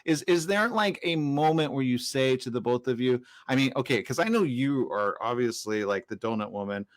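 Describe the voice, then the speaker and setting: A man's voice: mid-range voice, moderate pace. A man hosting an interview show, joking playfully with his guests in casual chat. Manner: playful, jokey, animated. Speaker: show host.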